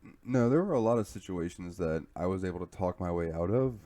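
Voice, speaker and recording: Deep-voiced man rambling casually. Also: lively intonation, fast talker, mellow. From southern United States. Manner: rambling, profane storytelling. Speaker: podcast co-host. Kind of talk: casual chat.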